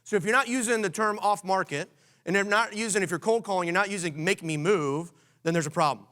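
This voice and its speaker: A man from Washington, D.C. hosting a conference session, coaching the audience in an energetic way and quizzing the room with questions. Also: sits high, a little fast. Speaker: conference host.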